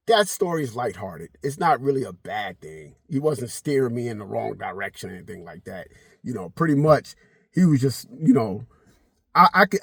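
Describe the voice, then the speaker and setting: A middle-aged man telling a casual story to camera, animated and swearing freely, slipping into the voices of people in his story. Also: mid-range voice, gravelly, husky, no room sound, clean studio sound. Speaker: vlogger.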